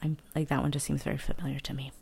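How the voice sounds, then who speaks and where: Woman, soft-spoken ASMR host; low, mellow, gravelly, half-whispered and unhurried, close-miked. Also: flat delivery. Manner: whispered and hushed, slow and gentle; thinks aloud with hesitant fillers. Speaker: vlogger.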